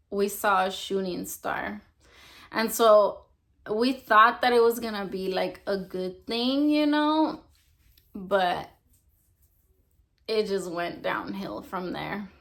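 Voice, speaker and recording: A young vlogger with a medium-pitched, creaky, slightly bright voice shares her religious testimony. She rambles casually, filling her speech with "like" and "you know."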